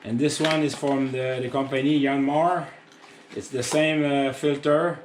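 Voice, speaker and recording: A man's voice: mid-range voice, fairly even intonation, a little slow, background noise. A man with a French accent explaining tractor upkeep in a chatty, rambling how-to vlog, joking at himself. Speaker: tractor owner showing maintenance.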